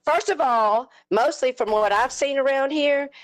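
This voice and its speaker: A woman's voice: high voice, unhurried. Profane fired-up Southern woman. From American South. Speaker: livestream co-host. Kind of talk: heated casual livestream rant. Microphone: headphones with mic.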